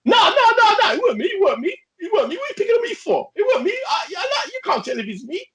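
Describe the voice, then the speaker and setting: Man doing a young male robber, shrill, whiny, pleading, near-shouting. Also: huge pitch swings, racing, exaggerated voice. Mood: whining denial.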